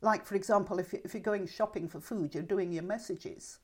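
A woman's voice: medium pitch, fairly quick, husky. An older woman being interviewed, reminiscing in a chatty, thoughtful way and speaking her mind. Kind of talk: reminiscing oral-history interview.

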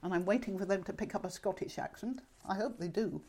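A woman's voice: mid-range voice, animated, fast talker, dark tone, a little hiss or hum. An older woman chatting in an interview, telling anecdotes and laughing often. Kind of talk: casual conversation. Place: home in Perthshire countryside.

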